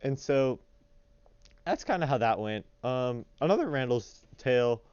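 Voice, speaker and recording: A young man telling a story in a casual, rambling way, full of fillers and animated retellings. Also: mid-range voice, unhurried, clean tone, no room sound, highs cut off.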